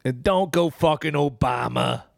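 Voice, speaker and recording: Guy on a podcast, mid pitch, giggly and rambly, crude jokes, dry room. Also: measured pace, gravelly, dry recording. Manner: laughs often, rambling and crude. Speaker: podcast co-host. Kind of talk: casual comedic banter.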